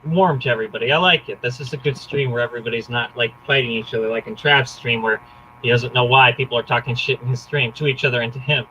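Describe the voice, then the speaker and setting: A man's voice: medium pitch, fast, sharp tone, muffled recording, slight background noise. A man hosting a casual political podcast, rambling with frequent hesitations.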